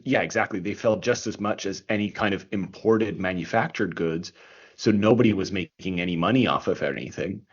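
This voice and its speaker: A man with a low, husky voice talks through history in a casual, explanatory way. He restarts his sentences often and keeps checking in with "right?". The sound is dull and lo-fi. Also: a little fast. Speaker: history podcast co-host. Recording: dull lo-fi recording.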